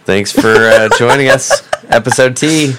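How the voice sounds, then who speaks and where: A man's voice: mid-range voice, measured pace, very noisy. A man guest-hosting a casual podcast, playful and teasing. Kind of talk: casual chat.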